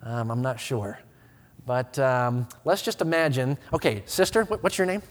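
A man in his thirties preaching a sermon to his congregation, swinging from quiet earnest talk to loud impassioned appeals, often stumbling and restarting his words. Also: medium pitch, moderate pace. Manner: stammering restarts. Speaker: pastor. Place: church sanctuary with a congregation. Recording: long reverb of a church hall.

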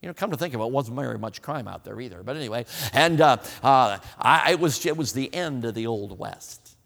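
A man's voice: medium pitch, animated, a little fast, creaky, a bit bright. A man from the United States preaching a sermon, emphatic and repetitive, often calling his listeners friends. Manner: emphatic, repeats points, addresses the crowd as friends. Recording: long hall reverb.

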